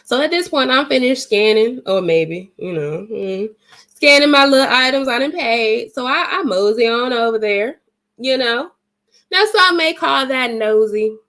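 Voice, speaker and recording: Woman vlogger, fairly high voice, blunt and emphatic, swears freely, dramatic storyteller. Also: a little slow. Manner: lively, dramatic retelling. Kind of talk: casual storytelling vlog.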